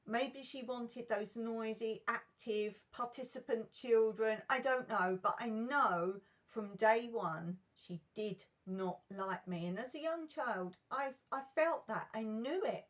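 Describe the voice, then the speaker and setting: A middle-aged woman recounting school memories in an emotional, animated storytime vlog. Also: on the high side, slow pace, few pauses.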